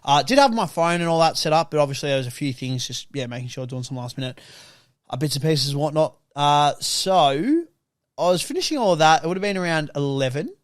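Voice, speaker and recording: A young Australian man with a fairly high voice chats on a podcast, rambling and swearing as he tells a story. The sound is dry and close, with no room around him. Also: brisk, no echo. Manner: swearing, rambling and animated, with lots of fillers. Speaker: podcast co-host. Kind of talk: casual storytelling chat.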